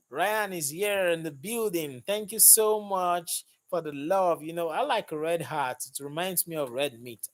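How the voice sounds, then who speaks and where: A man's voice: on the high side, fairly bright tone. Upbeat man chatting on a live stream. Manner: upbeat, greets and thanks viewers by name. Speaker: mechanic hosting a live stream. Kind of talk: casual live-stream chat. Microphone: phone held in hand.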